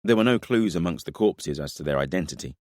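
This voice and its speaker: Deep-voiced male audiobook narrator. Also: lively intonation, no room sound, studio quality. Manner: measured, dramatic reading. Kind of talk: scripted fantasy narration.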